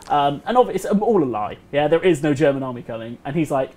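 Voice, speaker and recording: Animated storytelling man on a livestream. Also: on the high side, fast, few pauses. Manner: animated, acts out quotes, laughs at the story. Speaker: community host. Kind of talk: casual history storytelling on a livestream.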